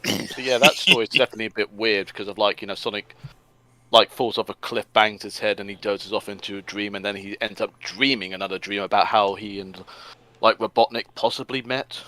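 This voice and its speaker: A man's voice: on the low side, fairly even intonation, brisk, sharp tone, rough recording. A man co-hosting a casual podcast, rambling through a story with lots of "like". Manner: rambling, heavy use of "like". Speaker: podcast co-host.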